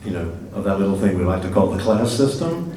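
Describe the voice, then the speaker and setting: An English man in his sixties speaks with a slightly Americanized accent and a lowish voice. He tells stories with self-mocking humor. The recording is roomy and picked up from a distance, with faint ambience. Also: very animated, quick pace, crowd noise. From England. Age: 60s. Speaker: guest actor. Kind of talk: stage Q&A conversation. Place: festival stage Q&A.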